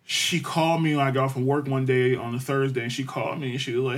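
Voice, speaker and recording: A man co-hosting a podcast, telling family stories in a casual, animated way, swearing freely and laughing often. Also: medium pitch, quick pace, few pauses. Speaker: podcast co-host. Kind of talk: casual chat.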